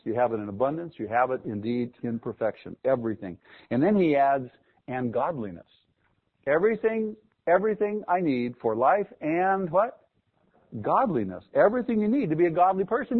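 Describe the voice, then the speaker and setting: High-voiced male pastor on a tinny line. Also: big pitch swings, normal speed, breathy edge. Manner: asks the congregation questions and repeats key words for emphasis. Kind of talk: sermon. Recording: phone-like narrow sound.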